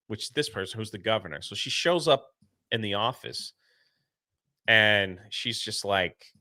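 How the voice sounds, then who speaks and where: A man co-hosting a casual movie review, retelling the plot in an animated way and acting out the characters' lines. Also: mid-range voice, measured pace, no echo, studio quality. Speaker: podcast co-host.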